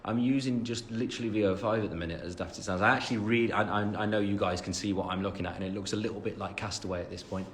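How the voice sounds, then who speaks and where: Speaking very fast with few pauses, he has a lowish voice and a steady tone, with slight background noise on the phone camera recording. The speaker, a twenty-something from the English Midlands, is home after the gym, chatting loosely on a livestream and answering fans' questions with lots of fillers and self-deprecating asides.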